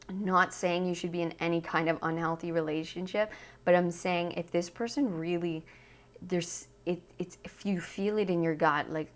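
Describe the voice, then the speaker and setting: A woman giving a pick-a-card tarot reading, earnest and emotional, who repeats phrases and often checks in with "okay?". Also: lowish voice. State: tearful. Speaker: tarot reader.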